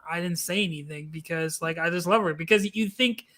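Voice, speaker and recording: A man's voice: fairly high pitch, a little fast, sharp tone. A man panelist on a video call speaking in an earnest, tentative way.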